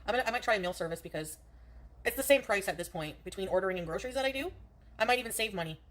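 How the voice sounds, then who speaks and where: Fast-talking woman ranting profanely. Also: mid-range voice, expressive. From Canada. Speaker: streamer. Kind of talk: ranting livestream.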